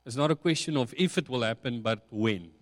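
A man preaching a sermon, slow and reflective, building emphasis on key points. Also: medium pitch. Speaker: pastor. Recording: long hall reverb.

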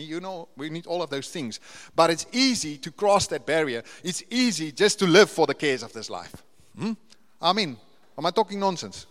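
A man's voice: on the high side, a bit bright. A man, preaching a conversational sermon to a church, building up to emphatic repeated lists. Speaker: pastor. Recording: long reverb of a church hall.

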